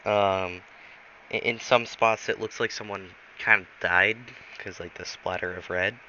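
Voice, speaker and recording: Man improvising a story, slow, rambling, bright tone, dull lo-fi recording. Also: low voice, fairly even intonation, a little hiss or hum. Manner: rambling, halting, many fillers.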